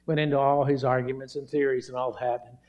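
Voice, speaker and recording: A man's voice: mid-range voice, flat delivery, fast, lo-fi sound. A middle-aged man pastor delivering a sermon, earnest and emphatic, stressing key words.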